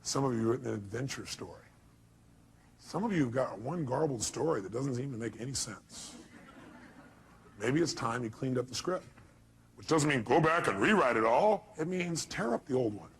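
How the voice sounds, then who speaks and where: A man's voice: medium pitch, gravelly, slight background noise. A man giving a motivational seminar talk, punchy, firing rhetorical questions at a live audience and acting out voices. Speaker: motivational speaker.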